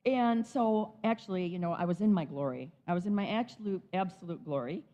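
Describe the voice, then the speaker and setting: A woman's voice: medium pitch, moderate pace, a little mellow, dull audio. Bubbly woman giving an inspirational talk. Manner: bubbly, enthusiastic. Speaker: guest speaker at a spiritual center. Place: spiritual center sanctuary.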